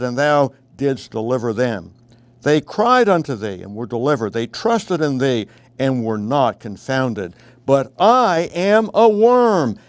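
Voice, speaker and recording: A man's voice: medium pitch, no room sound. A man preaching a radio devotional, earnest and conversational, with frequent fillers and restarts, rising to emphatic pleading when he quotes cries of distress.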